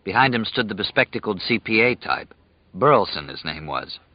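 Low-voiced man narrating an audiobook. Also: very animated, moderate pace, no room sound, highs cut off. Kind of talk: scripted narration.

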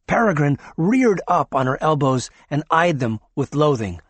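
A man narrating a novel in a steady, measured scripted reading. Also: on the high side, husky, dry recording. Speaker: audiobook narrator.

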